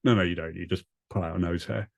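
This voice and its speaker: A man teaching a comedy writing class over a video call, explaining in a relaxed way. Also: low-pitched, fast, vocal fry, no echo, clean studio sound.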